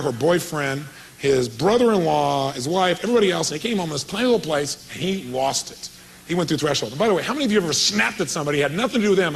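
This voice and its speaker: A man's voice: on the high side, a little hiss or hum, poor audio. A man giving a motivational seminar talk, telling a story with quoted dialogue and questions to the audience. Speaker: motivational speaker.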